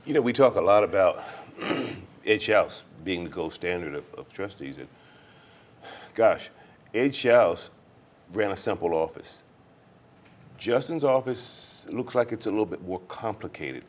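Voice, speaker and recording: A man's voice: lowish voice, lively intonation, unhurried. Incredulous man political pundit. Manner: incredulous, asks pointed questions. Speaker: political commentator. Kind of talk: TV political panel discussion.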